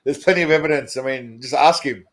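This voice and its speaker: A man's voice: medium pitch, fast talker. A man hosting a casual comedy stream, crude and mocking, laughing often and talking to his chat. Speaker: stream host.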